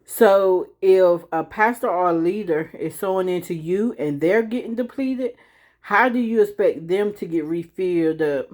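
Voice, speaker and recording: A woman giving an informal Bible teaching to camera. She talks conversationally, keeps checking in with "right?", and reads scripture slowly and deliberately. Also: fairly low pitch, a little mellow.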